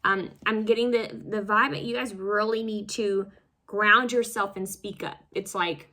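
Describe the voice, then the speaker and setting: A woman talks through a casual tarot card reading in a bright, forward voice. She rambles and loops back, fumbling her words with plenty of fillers and restarts. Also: mid-range voice, steady tone, measured pace. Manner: self-conscious, fumbles over words.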